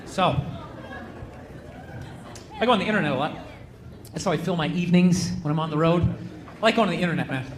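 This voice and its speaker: A man doing a stand-up comedy set in front of a crowd, ranting loudly and sarcastically, often shouting. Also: fairly high pitch, fairly quick, long pauses. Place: comedy club stage with a laughing crowd. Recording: echoey room with crowd noise.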